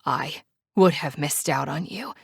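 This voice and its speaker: A woman reading the lines of an angry, grieving young male biker in an audiobook, shouting and accusing. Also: low-pitched, measured pace, gravelly, breathy edge, dry recording, studio quality, full character voice. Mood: pained.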